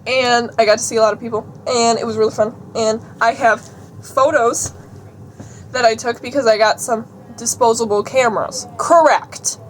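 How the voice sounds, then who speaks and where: A woman's voice: on the high side, fairly even intonation, normal speed, a little hiss or hum. A young woman chatting casually in a vlog, giggly and talkative, reading items aloud. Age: young adult. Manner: chatty, giggly, reads out a list. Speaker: vlogger.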